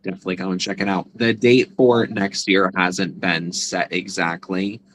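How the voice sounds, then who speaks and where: A man's voice: low-pitched, steady tone, normal speed, a bit bright, slight background noise, poor audio. A man being interviewed as a guest, talking casually and rambling with fillers and restarts. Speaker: guest, psychic medium and convention organizer.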